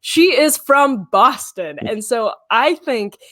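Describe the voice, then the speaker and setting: A woman co-hosting a casual political chat, speaking quickly and emphatically. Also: fairly high pitch, lively intonation, bright, forceful tone, dry recording, studio quality. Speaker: culture editor, co-host.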